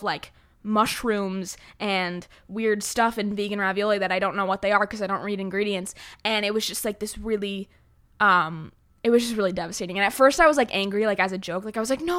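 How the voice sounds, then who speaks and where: A teenage girl talks through her solo podcast in a loose, rambling way, full of fillers and quick apologies for herself. Her voice has a bright, crisp edge. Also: mid-range voice. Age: teens. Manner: rambling, self-deprecating, heavy use of "like" and "um". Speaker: podcast host. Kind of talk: casual solo podcast chat.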